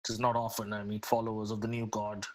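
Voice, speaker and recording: A man's voice: lowish voice, monotone, fast, darkish tone, lightly acted, rough recording. A man voicing a humble, courteous wandering priest who speaks in formal, gracious phrases.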